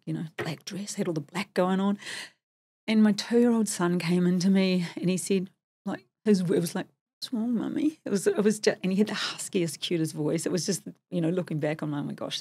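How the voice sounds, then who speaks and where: Husky New woman, candid and chatty. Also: on the low side, steady tone, a little fast, mellow. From New Zealand. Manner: candid, self-deprecating, chatty. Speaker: podcast guest. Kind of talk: casual interview storytelling.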